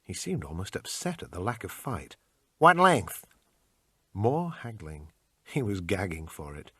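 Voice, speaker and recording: A man's voice: low voice, big pitch swings, normal speed, husky, no room sound. A man narrating a first-person thriller audiobook in a dry, matter-of-fact manner, close to the mic.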